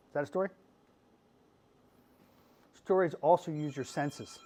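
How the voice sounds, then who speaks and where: A middle-aged man from Pennsylvania, a podcast host, giving a lively classroom talk in a goofy, animated way and often checking in with "okay?". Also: a little high, unhurried, pauses often.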